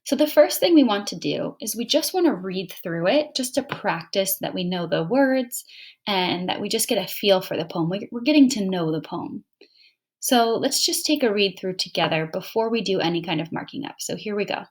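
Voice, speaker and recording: A woman teaching a fluency lesson to young readers over a computer, reading a short poem aloud and explaining its pauses in a clear, patient way. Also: medium pitch, expressive. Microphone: computer mic, online class.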